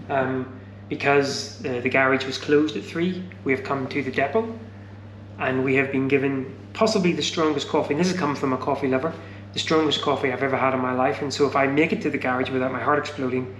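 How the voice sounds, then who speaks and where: A man's voice: medium pitch, steady tone, a little fast, fairly bright tone, a little hiss or hum. Joking man in a stopped van. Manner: jokey, teasing, chuckles often. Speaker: vlogger. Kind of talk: casual travel vlog chat. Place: stopped van beside a road.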